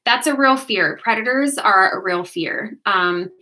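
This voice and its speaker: A woman's voice: medium pitch, a little slow, sharp tone. A woman hosting a casual livestream, chatting easily and laughing often as she reads out and answers viewers' comments. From United States. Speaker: livestream host.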